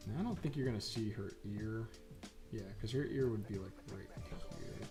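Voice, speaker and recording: A man's voice: lowish voice, moderate pace, over music. A man chatting casually and profanely while drawing on a live stream, rambling with lots of fillers.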